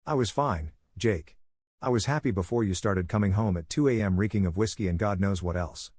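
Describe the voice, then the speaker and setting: Casting: a man doing a tired, restrained wife, low and dry. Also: brisk, slightly rough, no echo. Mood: weary. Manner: quiet, restrained. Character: weary wife ending her marriage, grown woman. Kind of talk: scripted story reading.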